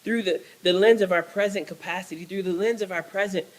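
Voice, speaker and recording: A man's voice: high voice, steady tone, fairly quick, low-quality recording. A male pastor preaching a sermon, emphatic and repetitive, restarting phrases as he builds.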